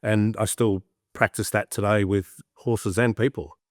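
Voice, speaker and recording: Reflecting in an interview as a podcast guest, a middle-aged man with an Australian accent brings his anecdotes to life by performing small voices. He speaks at a measured pace in a lowish voice, recorded at studio quality with no echo.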